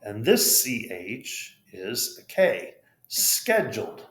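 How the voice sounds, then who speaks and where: A man's voice: mid-range voice, lively intonation, slow, a bit bright. A man with an American accent teaching English pronunciation, spelling out letters and modeling each word with patient care. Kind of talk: pronunciation lesson. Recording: roomy echo.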